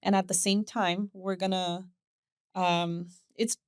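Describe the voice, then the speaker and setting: A woman's voice: medium pitch, little pitch movement, takes it slowly, smooth, no room sound, clean studio sound. A woman guest on a podcast, openly telling a personal story in casual conversation and laughing now and then. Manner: open, storytelling with acted quotes and laughs.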